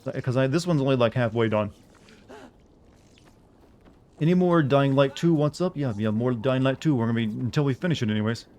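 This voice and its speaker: While playing a video game on stream, a young man chats casually with his viewers, rambling and using plenty of filler words. He speaks fast in a mid-range, slightly mellow voice.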